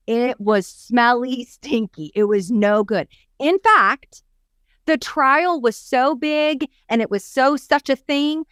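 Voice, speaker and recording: Animated high-voiced woman telling a story. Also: clean tone, dry recording, studio quality. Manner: animated storyteller who acts out quotes. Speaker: podcast co-host and business coach. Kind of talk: casual podcast chat.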